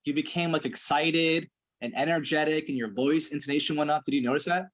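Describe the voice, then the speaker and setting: A man's voice: a little high, steady tone, a little fast, fairly bright tone. A man coaching a client one-on-one, direct and profane, checking in with "right?" again and again. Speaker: performance coach. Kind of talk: blunt one-on-one coaching session.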